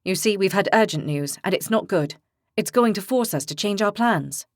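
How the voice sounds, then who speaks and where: A woman narrator voicing a calm, steady young male leader who explains things in a measured way. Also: mid-range voice, dry recording, clean studio sound, lightly acted. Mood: serious.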